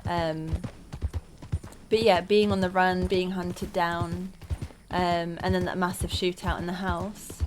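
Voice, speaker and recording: A woman's voice: fairly low pitch, level tone, slow. A woman chatting casually as she plays through a video game, thinking aloud and rambling a little. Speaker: let's play gamer. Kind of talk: casual gameplay commentary. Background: game music and horse hooves.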